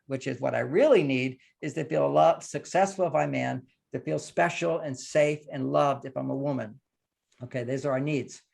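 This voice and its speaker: A man's voice: fairly high pitch, creaky, a little mellow. An older man giving relationship advice as a podcast guest, emphatic and lecturing, sometimes acting out what partners say.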